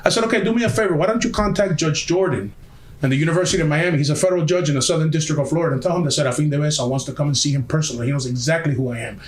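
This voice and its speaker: A man's voice: on the high side, racing, echoey room. A man telling a story on a podcast in a heated, emphatic way, swearing often. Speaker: podcast guest. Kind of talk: casual storytelling.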